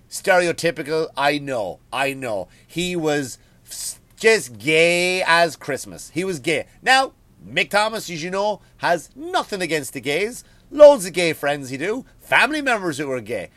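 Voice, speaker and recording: An Irish comedian tears through a story in a profane, animated rant. His voice sits a bit higher than most men's. The sound is dry and close, recorded at home. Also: no echo. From Ireland. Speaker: comedian and podcast host.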